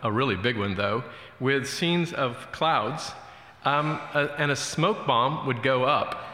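A man preaching a sermon as a pastor, telling a story in a relaxed, conversational way with many fillers. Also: medium pitch, takes it slowly, slight background noise. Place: church. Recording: echoey church hall.

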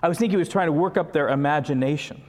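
A man's voice: fairly high pitch, rapid-fire, a little mellow. A man giving a conversational sermon, with frequent asides and chuckles. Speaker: preacher. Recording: long reverb of a large hall.

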